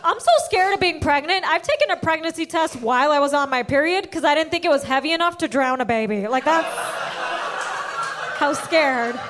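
A woman doing stand-up comedy, telling a story in an animated, self-mocking way with lots of voiced quotes. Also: sits high, brisk, a little hiss or hum.

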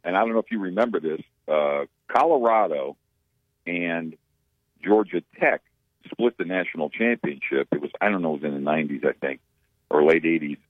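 A man's voice: low voice, lively intonation, normal speed, no echo. A man chatting casually about college football, rambling with many fillers. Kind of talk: casual sports chat. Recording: dull radio audio.

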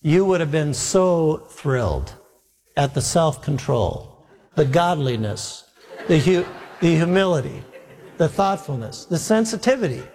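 A man's voice: a little high, sing-song, unhurried, a little mellow, long reverb tail. A man, a pastor, telling a humorous, self-mocking travel story in a sermon, acting out the dialogue.

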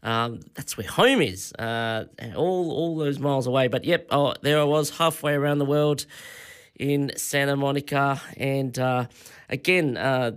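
A man's voice: medium pitch, measured pace, clean tone. An Australian man in his forties hosting a radio show, telling a rambling story with lots of fillers and chuckles. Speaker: radio host. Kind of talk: casual radio chat.

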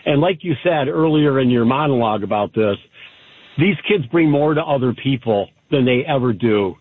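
A man calling in to a radio show, speaking warmly and gratefully. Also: mid-range voice, lively intonation, normal speed, slightly rough, dry recording. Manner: warm, grateful and heartfelt. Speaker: caller. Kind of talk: call-in radio talk. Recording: tinny phone line.

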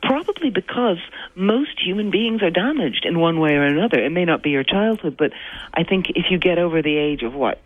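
A woman's voice: fairly low pitch, animated, fairly quick, dry recording. Thoughtful woman with a slight Irish accent on tinny archive radio. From United States. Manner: thoughtful, reflective, explains at length. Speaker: author guest. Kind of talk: radio interview.

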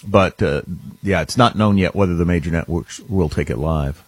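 A man's voice: low voice, normal speed, slightly rough, no room sound. A man co-hosting a political talk radio show, casual and offhand, rambling through asides.

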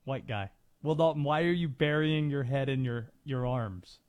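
A man's voice: mid-range voice, normal speed, darkish tone, a little hiss or hum. A man hosting sports talk radio from a studio, driving his points home with rhetorical questions.

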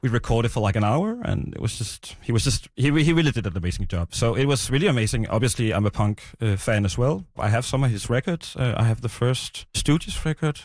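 A man talking as a guest about a podcast he created. He speaks hesitantly, pausing on "uh" and restarting sentences. His voice is mid-pitched and sounds dry and close. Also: no echo. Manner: hesitant, many "uh" and restarts, relaxed. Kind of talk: interview answers.

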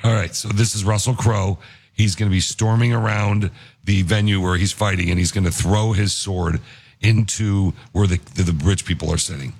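A man's voice: lowish voice, fairly even intonation, moderate pace, darkish tone, a little hiss or hum. A man hosting a radio show, teasing and joking with his co-hosts in a studio. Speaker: radio host. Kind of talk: morning radio banter.

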